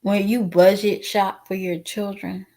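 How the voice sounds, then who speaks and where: Her medium-pitched, dark-toned voice is flat in delivery and measured in pace, yet this vlogger talks to her viewers in a casual, outspoken, emotional way. At times she becomes tearful and her voice cracks, in a casual commentary vlog.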